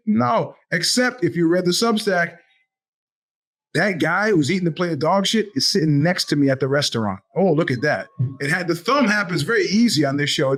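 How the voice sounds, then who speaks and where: A man hosting his own podcast, talking in a casual, sarcastic and profane monologue, often putting on the voices of the people he quotes. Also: high voice. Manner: animated, profane, sarcastic storytelling. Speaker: podcast host.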